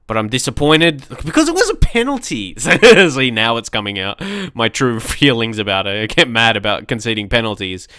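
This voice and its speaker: A man's voice: medium pitch, very animated, normal speed, few pauses, bright, forceful tone, no echo, studio quality. A young man chatting casually through his gameplay, rambling and reacting aloud to the match. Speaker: let's play commentator.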